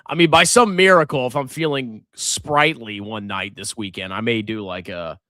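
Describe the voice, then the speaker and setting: A man's voice: mid-range voice, moderate pace, sharp tone, no room sound, studio quality. A middle-aged man hosting a finance livestream, chatting casually and sarcastically, mocking viewers and putting on silly voices. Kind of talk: casual livestream chat reading superchats.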